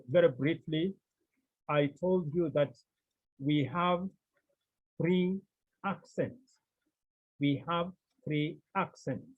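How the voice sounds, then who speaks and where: Slow husky male teacher. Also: a little high, narrow, tinny audio. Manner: slow, repeats key terms, explains step by step. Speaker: Greek teacher. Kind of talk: classroom lesson. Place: classroom.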